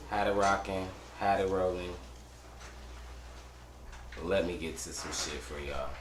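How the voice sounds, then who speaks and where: A man's voice: lowish voice, roomy sound, a little hiss or hum. Brash, profane podcast host man. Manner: brash, profane, swings between shouting and muttering. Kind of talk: loud casual sports rant. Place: studio.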